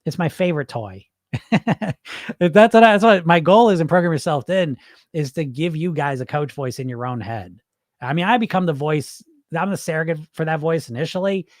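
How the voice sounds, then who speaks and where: A middle-aged man hosting a casual podcast, reading listener comments and answering them in a blunt, animated way, now and then swearing and acting out the voices in people's heads. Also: medium pitch, dry recording, clean studio sound. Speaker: podcast host and weight-loss coach.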